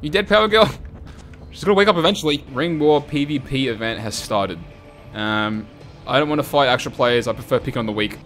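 A young man doing comedic let's-play commentary, rowdy, joking and often yelling and laughing. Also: medium pitch, brisk, faint music behind. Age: young adult. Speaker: gaming YouTuber.

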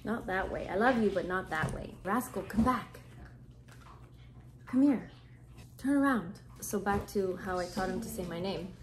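A woman's voice: mid-range voice, normal speed, long pauses. A woman vlogging casually at home, chatting playfully and coaxing her pet bird in a sing-song voice. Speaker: vlogger, parrot owner. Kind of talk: casual home vlog talk. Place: home, near a birdcage. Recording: loud background noise with bird sounds. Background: birds squawking and chirping.

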